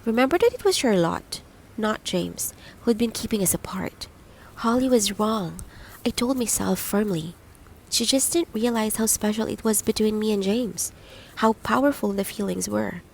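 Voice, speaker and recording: A woman narrating a first-person audiobook in a gentle, reflective reading, lightly voicing the dialogue. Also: medium pitch, lively intonation, normal speed, gravelly, slight background noise, poor audio.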